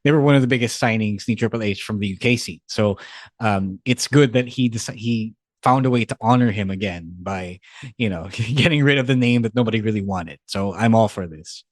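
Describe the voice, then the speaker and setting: A man co-hosting a wrestling podcast, talking in a relaxed, laid-back way. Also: lowish voice, fairly quick, dry recording. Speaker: podcast co-host. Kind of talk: casual chat.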